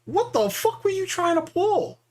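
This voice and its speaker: Hosting a reaction stream, a man tears apart a clip with sarcastic, incredulous, mocking commentary. His very high-pitched voice swings widely in pitch at a normal speed.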